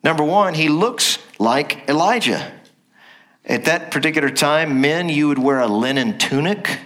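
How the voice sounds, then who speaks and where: A man's voice: fairly high pitch, animated, measured pace, a bit bright. A man preaching a sermon in church, explaining scripture and putting questions to the congregation. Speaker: pastor.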